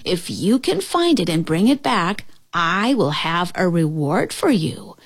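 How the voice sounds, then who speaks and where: A woman's voice: fairly low pitch, sing-song, a little slow, dry recording, heavily acted. A woman voicing a grumbling, greedy old witch in a read-aloud storybook. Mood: moaning. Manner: moaning, theatrical storybook voice.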